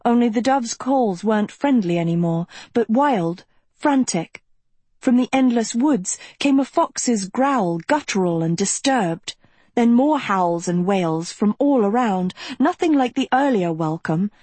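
Woman audiobook narrator, high-ish, unhurried, dramatic. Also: expressive, a little mellow, slightly rough, no room sound. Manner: measured, dramatic storytelling. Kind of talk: scripted narration.

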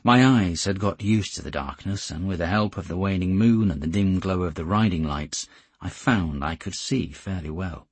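Male audiobook narrator, steady and measured, deep and very husky. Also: no echo.

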